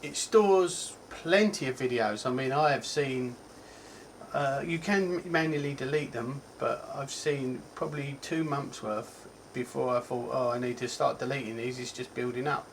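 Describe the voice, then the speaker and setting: A man with a Cockney accent talks through a gadget review in a loose, chatty way, stopping for ums and correcting himself as he goes. His pitch sits mid-range for a man. A faint hiss of background noise runs under the recording. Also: unhurried, low-quality recording. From England. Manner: rambling, chatty, self-correcting, frequent ums. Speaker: tech reviewer. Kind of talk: casual product review.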